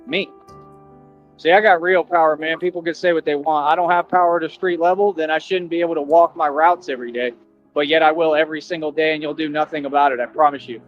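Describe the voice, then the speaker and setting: With a steady tone and a voice on the high side, a man rattles off a fast, slangy, confrontational monologue bragging that he runs the streets. The played clip has dull lo-fi audio with music behind it.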